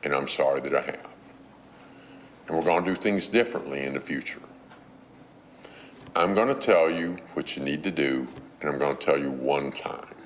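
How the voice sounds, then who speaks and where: A man's voice: rumbling low, normal speed, pauses often, slight background noise, voice pushed down. A man voicing a mother who keeps calling her son to bed, pleading and nagging. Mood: apologetic. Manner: pleading, then exploding into a shout.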